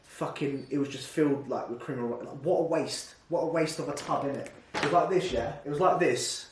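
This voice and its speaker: A man's voice: fairly high pitch, a little fast. British male vlogger, cocky and sweary, room-echoey camera sound, faint background noise. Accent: British English. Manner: brash, swearing, joking and boastful. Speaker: fitness vlogger. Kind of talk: casual cooking vlog chat. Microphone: camera microphone. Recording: roomy room echo.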